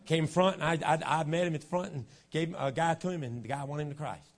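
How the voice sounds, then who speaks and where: A man in his fifties preaching a sermon as pastor, folksy and joking, swinging from quiet asides to shouting. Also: a little high, fast talker. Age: 50s.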